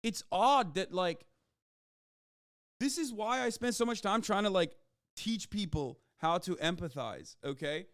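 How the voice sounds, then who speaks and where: A man's voice: high-pitched, lively intonation, measured pace, a bit bright, no room sound, clean studio sound. A man streaming live commentary, ranting heatedly and swearing often. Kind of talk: livestream commentary.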